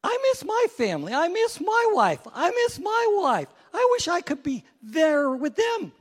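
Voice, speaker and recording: A man voicing a stranded castaway who pleads in a high, breathless rush, in an echoey hall. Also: wildly swooping pitch, measured pace, exaggerated voice. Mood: frantic.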